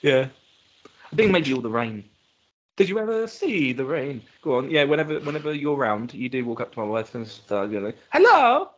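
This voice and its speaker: A man's voice: mid-range voice, animated, normal speed, dull audio. A man co-hosting a podcast in casual chat, joking and slipping into silly voices. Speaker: podcast co-host.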